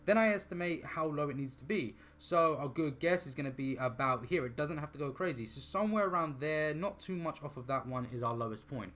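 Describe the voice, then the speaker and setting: A man's voice: a little high, animated, brisk, few pauses, a bit bright. Chatty man rambling through a drawing tutorial. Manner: chatty, thinks aloud, self-deprecating asides. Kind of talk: casual rambling drawing narration.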